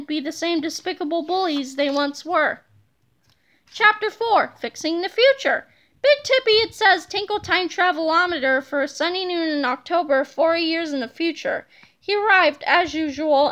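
A woman reading a children's chapter book aloud with expressive, animated storytelling. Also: high-pitched. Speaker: reader.

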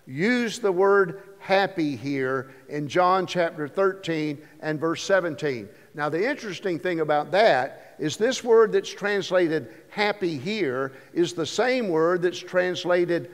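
Man, pastor, sermon, high-pitched, long church reverb, slow stress on quoted verses. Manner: slows down and stresses scripture quotes. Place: church sanctuary.

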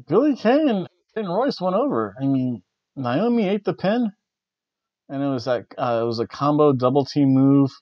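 A man's voice: mid-range voice, no echo. Rambling man reviewing wrestling matches. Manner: rambling, self-correcting, chuckles often. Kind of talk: casual spoken event review. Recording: dry, slightly dull lo-fi audio.

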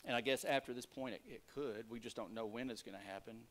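A man, the lead pastor, preaching a sermon with emphatic rises and soft asides. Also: medium pitch, fast talker. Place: church sanctuary.

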